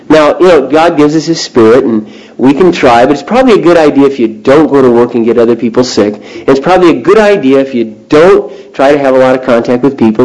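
A man's voice: a little high, poor audio. A man preaching a sermon to a live group of young adults, telling a story and throwing questions to the audience. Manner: animated storyteller who asks the audience questions.

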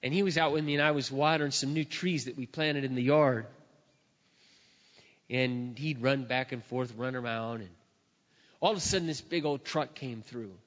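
A middle-aged man preaching, telling a story with lively acted-out barks and shouts. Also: mid-range voice, normal speed. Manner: animated storyteller, acts out barking and shouting. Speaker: pastor. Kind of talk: sermon storytelling. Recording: dull sound with long hall reverb.

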